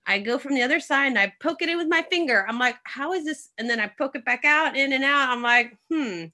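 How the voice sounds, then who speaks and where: Chatty woman rambling thru a story, bright voice, lots of likes and swearing. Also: sits high, fast. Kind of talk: casual chat.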